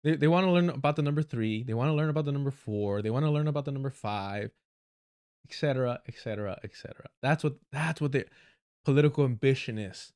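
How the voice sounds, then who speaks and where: A man's voice: mid-range voice, quick pace, darkish tone, clean tone. A man hosting a livestream, reacting to clips with sarcastic, profane ranting and frequent laughter. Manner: mocking, laughs often. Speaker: livestream host. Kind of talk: live commentary reacting to clips.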